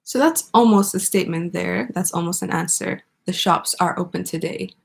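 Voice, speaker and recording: Husky woman teaching English grammar. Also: fairly low pitch. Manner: patient, explaining step by step, pausing for student answers. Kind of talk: online English grammar lesson.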